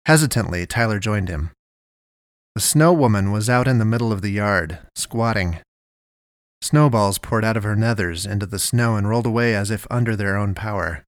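A man reads a story aloud in a low, even, quiet voice. His delivery is measured and unhurried. The recording is dry and close, with no room sound. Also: dry recording. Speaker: narrator. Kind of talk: scripted story narration.

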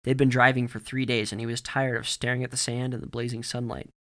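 A man narrating a story in a steady, measured reading voice. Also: medium pitch. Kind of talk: scripted audiobook narration.

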